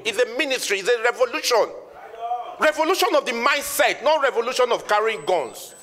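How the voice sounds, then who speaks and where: Nigerian man, high bright voice, emphatic motivational speaker, long hall reverb. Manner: preachy, emphatic, repeats lines for effect. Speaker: network marketing trainer. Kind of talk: motivational speech to an audience.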